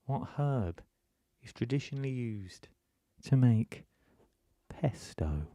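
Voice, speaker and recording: Deep, grave TV cookery announcer, put on by a quiz host, slow and drawn-out. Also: male voice, lively intonation, mellow, no echo, studio quality. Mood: portentous. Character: deep dramatic male cookery-show announcer.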